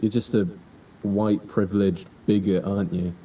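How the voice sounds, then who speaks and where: A man's voice: on the low side, steady tone, moderate pace, dark tone, recorded from a distance, highs cut off, a little hiss or hum. A young man co-hosting a podcast, making dry, mocking remarks in casual chat. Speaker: podcast co-host.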